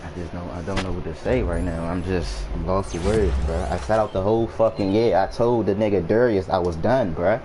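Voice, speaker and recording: A man's voice: sits low, fairly even intonation, fairly quick, hardly any pauses. A young man streaming a video game, stunned and profane, repeating himself in drawled slang. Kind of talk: casual live reaction while gaming. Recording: noisy room ambience behind the voice.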